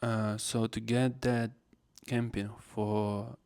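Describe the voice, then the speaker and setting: A man's voice: lowish voice, level tone, takes it slowly, vocal fry, a little mellow, clear, resonant tone. A man hosting a casual solo podcast, rambling in non-native English phrasing. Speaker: podcast host.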